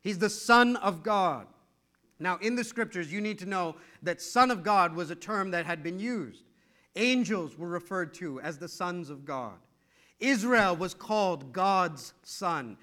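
Middle-aged male pastor, sermon; high, bright, animated storyteller. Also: unhurried. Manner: animated, repetitive storytelling, emphatic.

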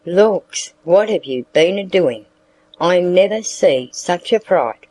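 A reader voicing a bossy, hurried maidservant. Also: mid-range voice, lively intonation, darkish tone, dry recording, poor audio. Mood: scolding. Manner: scolding, commanding. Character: bustling female household servant, bossy and hurried.

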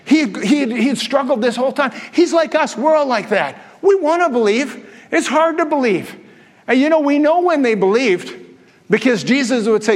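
A man's voice: very high voice, lively intonation, brisk. A male pastor preaching a sermon in a conversational way, asking the congregation questions. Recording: long hall reverb.

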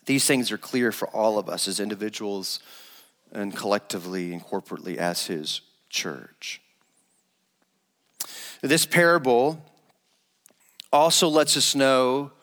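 A man, an associate pastor, preaching a sermon and retelling a parable in a relaxed, conversational way. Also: medium pitch. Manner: conversational storytelling, retells a parable in casual everyday phrasing. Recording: long reverb of a large hall.

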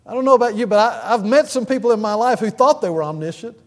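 A pastor preaching a sermon in an earnest way, swelling to emphatic peaks and often pausing with "uh". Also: male voice, very high voice, animated, big-room sound.

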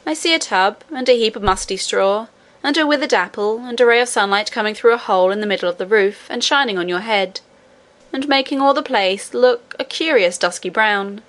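A woman's voice: medium pitch, a little fast, fairly bright tone, close to an everyday voice. A woman reading aloud, voicing a boy who speaks bluntly and rudely. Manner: blunt, rude. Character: boy miner, blunt and disbelieving.

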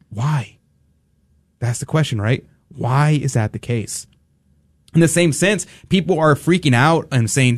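A man's voice: medium pitch, no echo, studio quality. Emphatic male talk radio host. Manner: emphatic, with mocking put-on quotes.

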